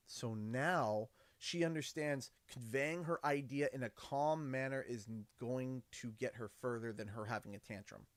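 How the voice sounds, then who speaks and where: With a fairly high-pitched voice recorded cleanly in a studio with no echo, this Canadian man in his thirties hosts a livestream. He tells family stories animatedly, voicing his kids' lines and his own in quotes.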